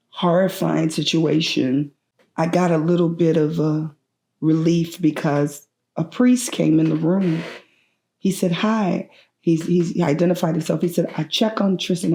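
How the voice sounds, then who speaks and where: A middle-aged woman giving emotional personal testimony as a bereaved mother, earnest and halting, her voice breaking with grief. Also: fairly low pitch, creaky, dark tone, reverberant.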